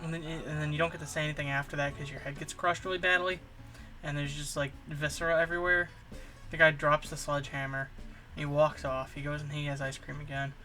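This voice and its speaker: A man spinning an improvised comic ramble, his voice very bright and a touch high. He keeps restarting and filling gaps with um's as he goes. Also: level tone, fast, soft background music. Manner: rambling, full of fillers and restarts. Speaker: comedy channel host.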